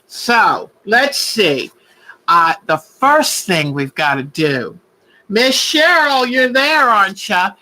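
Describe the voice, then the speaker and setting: A quilting show host chats casually with viewers on a live stream, gushing and effusive. His voice sits notably high with big pitch swings and a bright, forceful edge, and his pace is unhurried. The recording is rough.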